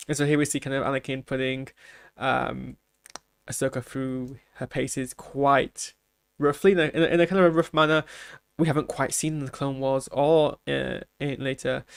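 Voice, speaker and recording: A man's voice: medium pitch, gravelly, dry recording. A man hosting a reaction video in casual commentary, rambling and thinking aloud with many restarts. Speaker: trailer reaction host.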